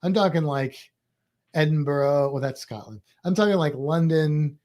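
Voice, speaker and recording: A man's voice: fairly high pitch, moderate pace, darkish tone. Rambling man with a slight Midwest accent. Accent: slight Midwest American. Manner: rambling, thinking aloud with many restarts. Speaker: podcast co-host. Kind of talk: casual chat.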